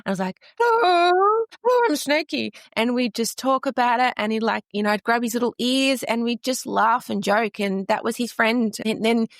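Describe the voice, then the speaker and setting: A woman's voice: fairly high pitch, steady tone, moderate pace, hardly any pauses, dry recording, clean studio sound. A middle-aged woman with an Australian accent, a podcast guest telling personal stories in an earnest way, often restarting her sentences. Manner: earnest, storytelling, frequent restarts. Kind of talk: conversational podcast interview.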